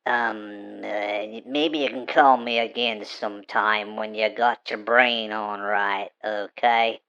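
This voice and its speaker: A man's voice: fairly low pitch, steady tone, takes it slowly, pushed and bright, smooth, highs cut off, exaggerated voice. Man putting on a rude Australian talking dog. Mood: gruff. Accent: put-on Australian. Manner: rude, slangy, calls listener mate. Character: crude beer-drinking Australian talking dog, male.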